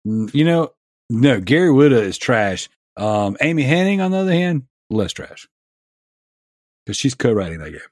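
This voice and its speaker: A man's voice: mid-range voice, very animated, normal speed, darkish tone, no echo, clean studio sound. A man in his thirties telling a long, exasperated story in a casual podcast chat. He rambles and restarts his sentences often. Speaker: podcast panelist.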